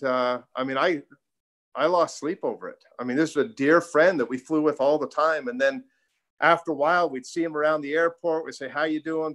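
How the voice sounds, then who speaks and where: A middle-aged man on a panel, earnestly telling a story and acting out the voices of the people he quotes. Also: fairly high pitch. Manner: earnest, anecdotal, quotes others in lively voices. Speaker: panel speaker, pilot group co-founder.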